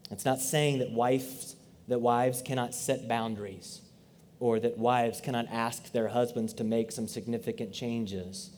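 A man's voice: mid-range voice, fairly even intonation, measured pace, a little mellow. A man in his thirties preaching a sermon, earnest and conversational, with frequent asides to the congregation. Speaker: pastor.

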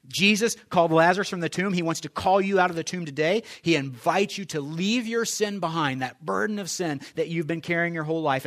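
A male pastor preaching a conversational sermon, asking rhetorical questions and swinging between loud and soft. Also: a little high.

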